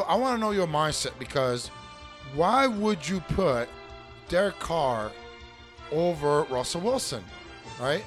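A man with a slightly high voice hosts a fantasy football league recap. He rants casually and sarcastically, swearing freely. Faint music plays behind him. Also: fairly bright tone. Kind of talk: casual profane sports commentary.

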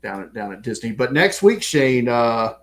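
A man with a Southern US accent, co-hosting a sports podcast in relaxed, casual chat full of fillers. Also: mid-range voice, moderate pace. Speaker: podcast co-host.

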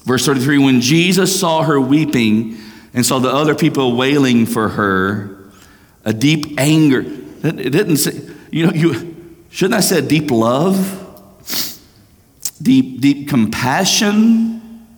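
A man preaching a sermon as pastor, swinging between raised, urgent passages and hushed, slow ones. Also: mid-range voice, animated. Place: church sanctuary. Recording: long hall reverb.

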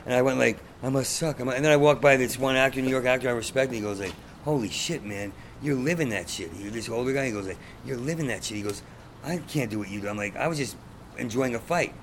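Gravelly-voiced stuttering man, blunt and profane. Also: mid-range voice, fast, slight background noise. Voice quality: stutter, repeats sounds. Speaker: stand-up comedian, guest. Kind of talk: casual conversation.

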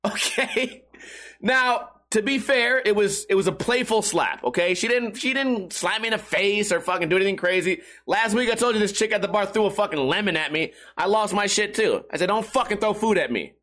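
A man's voice: sits high, a little fast, hardly any pauses, fairly bright tone. A man hosting a casual live-streamed podcast, rambling, profane and self-mocking. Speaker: podcast host.

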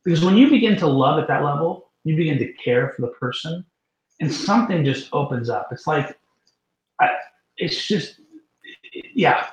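A man, a guest minister, telling a story with animated emphasis and acting out the voices of the people in it. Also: on the high side, moderate pace, long pauses, reverberant, rough recording. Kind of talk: storytelling in a faith talk show.

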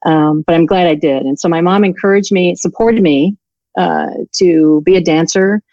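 Frank woman with a low, mellow voice. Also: normal speed, no room sound, muffled recording. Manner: frank, self-deprecating, restarts her sentences often. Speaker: guest, law enforcement resilience instructor. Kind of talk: candid storytelling interview.

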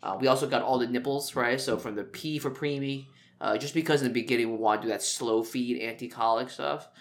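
A man in a podcast chat, talking at an ordinary middle pitch and rambling through a story with frequent fillers. His delivery is loose and joking, with a casual co-host manner. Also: steady tone, brisk.

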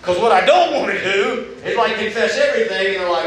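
A young man gives a casual, conversational sermon and slips into quoted voices to make his points. His voice sits a little high and bounces around a very echoey room. Faint noise hums underneath. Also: lively intonation, fairly quick, fairly bright tone. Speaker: preacher at a student retreat. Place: large room at a retreat.

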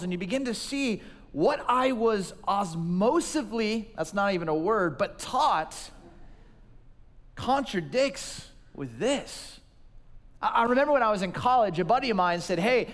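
High-voiced man preaching in a hall. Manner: self-deprecating storytelling. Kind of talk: sermon. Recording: long reverb of a large hall.

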